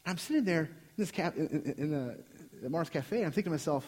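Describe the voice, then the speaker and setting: A man's voice: on the high side, expressive, fast talker, a little mellow, breathy edge. A young man preaching a sermon, telling a personal story earnestly with frequent restarts. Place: church sanctuary.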